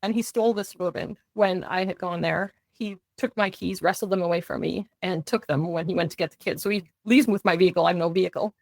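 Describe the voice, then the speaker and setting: A woman's voice: fairly low pitch, fast, creaky, few pauses, a little mellow, dry recording. A young adult woman recounting a personal story in an earnest way, acting out what others said. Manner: earnest, tells events in vivid runs with quoted dialogue. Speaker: guest. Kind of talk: personal story in a podcast interview.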